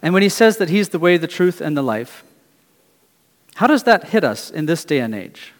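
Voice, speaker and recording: A middle-aged man preaching in a church hall, his fairly high voice carried by long reverb. He asks questions earnestly and lets some phrases fall quiet. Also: very animated, normal speed. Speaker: pastor. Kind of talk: sermon.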